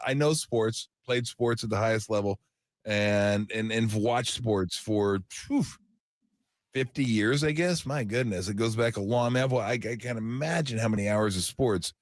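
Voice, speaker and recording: A man's voice: mid-range voice, no echo. Middle-aged man in a dry studio. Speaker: radio sports host. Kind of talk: emotional on-air farewell.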